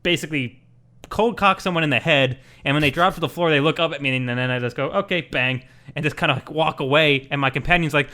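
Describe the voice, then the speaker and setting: A man co-hosting a gaming podcast in casual chat, animatedly acting out bits of game dialogue. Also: a little high. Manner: animated, acts out game dialogue in quick voices. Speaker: podcast co-host.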